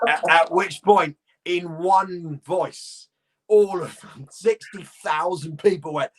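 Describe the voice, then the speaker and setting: This guest comedian, a middle-aged man from London with a posh southern English accent, swears and laughs freely while telling lively stories in a casual chat. His voice is high-pitched and a little slow.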